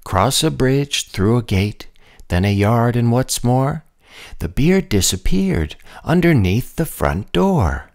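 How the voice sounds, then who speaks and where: A man reading a rhyming picture book aloud in an expressive, sing-song manner. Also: medium pitch, slow pace, vocal fry. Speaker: storybook reader.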